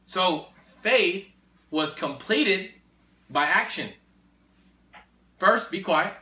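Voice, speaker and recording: A man preaching in a conversation, emphatic and repetitive, building to forceful exhortation. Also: sits high, expressive, drawn-out words. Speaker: Christian speaker. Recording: echoey room, distant mic.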